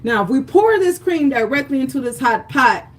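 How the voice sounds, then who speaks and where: An animated, high-pitched woman talks at normal speed over slight background noise. As the host of a home-kitchen cooking demonstration streamed live, she stays chatty and upbeat, checking in with viewers often.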